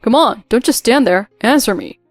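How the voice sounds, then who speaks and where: A woman's voice: fairly high pitch, expressive, normal speed, no echo, faint music behind. A woman voicing furious grown men confronting. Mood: angry. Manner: shouting, confrontational. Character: angry grown men of the family, sons and father. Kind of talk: narrated drama story.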